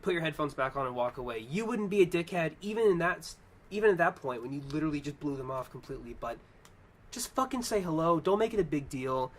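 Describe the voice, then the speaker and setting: Man, podcast co-host, rapid talker, slightly high voice, heated, profane. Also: animated. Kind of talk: casual opinionated chat.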